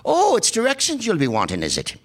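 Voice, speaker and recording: Guy putting on a sing-song local, dodges every question, swoops way up high. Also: huge pitch swings, fairly quick, heavily acted. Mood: teasing lilt. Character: chatty evasive Irish local answering with questions.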